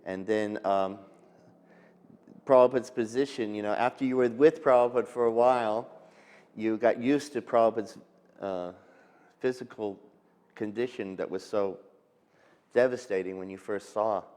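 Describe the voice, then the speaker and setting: Older man reminiscing in a reverberant hall. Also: on the low side. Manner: halting, with soft fillers and restarts. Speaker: devotee recalling his teacher. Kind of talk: reminiscing storytelling.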